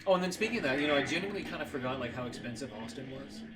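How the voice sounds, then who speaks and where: A man co-hosting a horror game playthrough, talking casually, animated and profane. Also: medium pitch, very fast. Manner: animated, profane, laughs a lot. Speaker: co-host playing a horror game. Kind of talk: casual let's-play chat.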